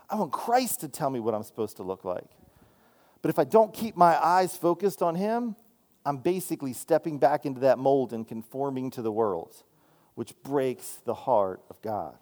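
In a fairly high, sing-song voice that's a little mellow, a male student minister delivers a sermon at a moderate pace. His delivery is loose and conversational, with frequent restarts and repeated check-ins of "right?"

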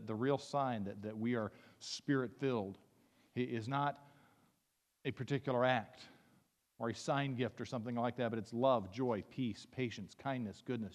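A pastor in his fifties preaching a sermon, earnest and building to emphatic peaks as he reads scripture aloud. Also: mid-range voice. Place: church sanctuary. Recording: long hall reverb.

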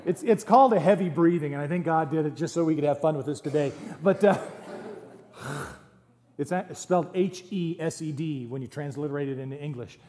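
A man's voice: a little high, a little fast, mellow. A man preaching a sermon to his congregation in a conversational, humorous way, with jokes and asides. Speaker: pastor. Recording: long hall reverb.

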